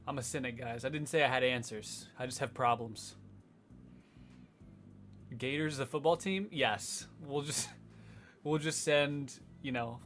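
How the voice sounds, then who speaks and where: A man's voice: mid-range voice, unhurried, pauses often, a bit bright. A young man chatting casually on a livestream as a music streamer, sardonic and rambling, swearing freely.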